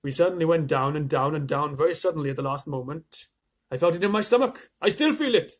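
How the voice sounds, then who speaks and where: A man's voice: on the high side, expressive, fast talker. A man voicing a gloomy blind male earthworm who is sure everything is lost. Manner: gloomy, dramatic complaining.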